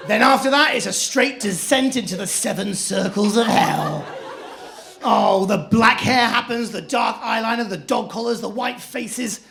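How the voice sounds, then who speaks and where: A man doing stand-up comedy on a club stage, telling stories in an animated way and slipping into voices. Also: sits high, measured pace, gravelly. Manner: animated storytelling, shifting into acted-out voices. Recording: live comedy club with audience laughter.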